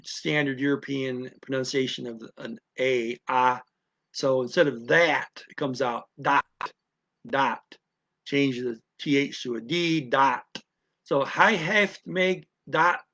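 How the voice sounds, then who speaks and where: A man teaching word by word in a casual lesson, halting and repeating sounds aloud with many fillers. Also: mid-range voice, gravelly, a bit bright. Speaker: language teacher.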